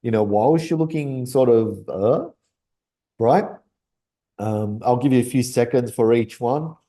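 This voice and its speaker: A man teaching memory tricks in a loose, conversational way. His voice is warm and mellow. He laughs easily and peppers his points with quick "right?" check-ins. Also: medium pitch. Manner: chatty, keeps asking "right?", laughs often. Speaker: memory coach. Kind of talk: casual teaching talk.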